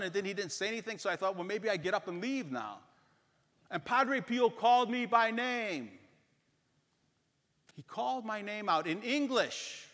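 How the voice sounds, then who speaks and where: A man giving a parish mission talk, telling a story in an animated way and acting out the voices of the people in it. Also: sits high, moderate pace, long reverb tail. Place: church.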